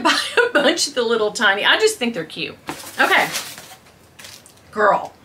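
A woman, chatting excitedly to viewers in a fashion haul video, gasping and squealing with delight. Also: fairly high pitch, slight background noise. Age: 50s. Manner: gushing, squeals and gasps with delight, talks to viewers as girl and y'all. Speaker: beauty and fashion vlogger.

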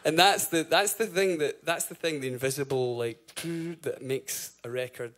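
A man's voice: on the high side, level tone, measured pace, fairly bright tone. A man in his thirties fronting a band on stage, telling a rambling, swear-laced story between songs with lots of fillers and laughs. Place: live concert venue.

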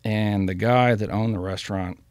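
A man's voice: on the low side, steady tone, normal speed, clear, resonant tone, dry recording. A man telling street stories as a podcast guest, blunt and full of profanity. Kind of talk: storytelling in a casual interview.

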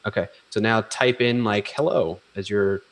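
A man co-hosting a live coding stream, calmly giving instructions with dry jokes. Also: fairly low pitch, moderate pace. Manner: relaxed, dry joking, gives instructions. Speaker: co-host guiding the demo. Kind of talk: casual live coding chat.

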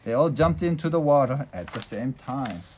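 A man reading a children's storybook aloud in a plain, steady manner. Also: medium pitch, normal speed, rough recording. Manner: plain, steady read-aloud delivery with small slips. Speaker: storybook reader.

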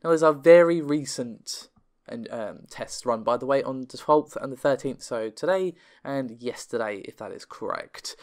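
A man's voice: medium pitch, smooth. Under-the-weather man hosting tech news. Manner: quick, chatty, reads figures aloud with self-corrections. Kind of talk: solo tech news commentary.

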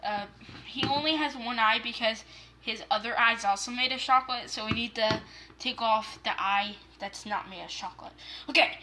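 A woman's voice: a little high, moderate pace, heavy background noise. A woman narrating a homemade toy story play by play, playful and full of gasps.

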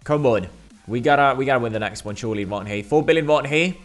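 A man doing excitable gameplay commentary as a gaming video host, swearing often and calling viewers bro and mate. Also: medium pitch, fast, faint music behind. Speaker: gaming YouTuber.

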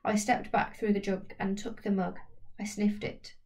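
A woman's voice: medium pitch, flat delivery, normal speed, darkish tone, far from the mic. Woman reading a children's story. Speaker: audiobook reader. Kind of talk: storybook narration.

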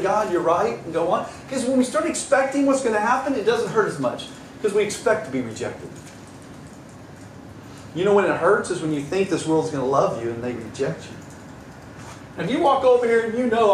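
A man's voice: extremely high pitch, a little hiss or hum. A pastor preaching a sermon in a conversational way, with wry asides and voices for the people he quotes. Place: church sanctuary. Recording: roomy church sound from a distance, faint ambience.

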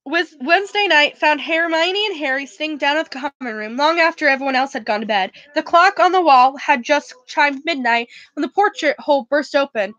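A young woman reads a storybook aloud, stumbling now and then and going back to fix her words. Her voice sits high, on a dry, dull lo-fi recording. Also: a bit bright, dry recording. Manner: stumbles and self-corrects while reading. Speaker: reader. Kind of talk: reading a novel aloud.

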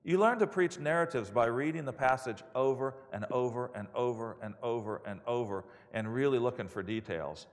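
A man preaching a sermon, telling stories in an animated way and acting out the quotes. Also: mid-range voice, moderate pace, few pauses. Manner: animated storytelling with acted-out quotes. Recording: long hall reverb.

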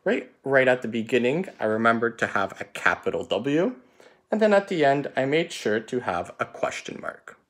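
A man teaching an online spelling lesson, reading words slowly and spelling them out letter by letter. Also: mid-range voice. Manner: slow, drawn-out letter-by-letter dictation; lively, up-and-down teacher intonation.

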